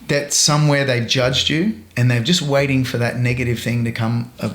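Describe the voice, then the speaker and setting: A man chatting as a guest, telling stories in a frank and relaxed way. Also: mid-range voice, normal speed. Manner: relaxed storytelling, frank and earthy. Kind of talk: casual conversation. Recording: roomy echo.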